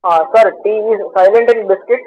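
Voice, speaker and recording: Hesitant male student reading aloud in class, with a high voice. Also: moderate pace, highs cut off. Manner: hesitant, tentative.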